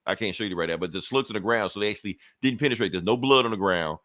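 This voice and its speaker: Low-voiced man retelling a comic. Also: very fast, a bit bright, dry recording, clean studio sound. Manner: loose, profane, chuckling retelling. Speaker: podcast host. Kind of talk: casual comic book review chat.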